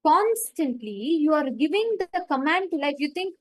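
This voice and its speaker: High-voiced woman teaching online. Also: lively intonation, moderate pace, few pauses, poor audio. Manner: storytelling, repeats and stresses points. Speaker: meditation program facilitator. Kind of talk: teaching on a live online session.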